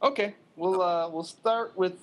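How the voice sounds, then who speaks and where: Speaking a little slowly in a high voice, this podcast co-host keeps things easygoing and casual, laughing frequently as he chats.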